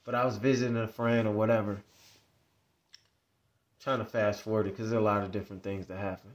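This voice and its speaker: A man's voice: on the low side, level tone, fairly quick. A man vlogging, telling a story in a rambling, repetitive, conversational way. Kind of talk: casual storytelling monologue.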